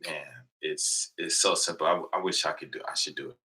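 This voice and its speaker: Late at night at home, an American host in his thirties chats loosely with his livestream viewers, full of rambling anecdotes and laughter. He speaks at a moderate pace in an extremely low, steady voice that comes across pushed and bright.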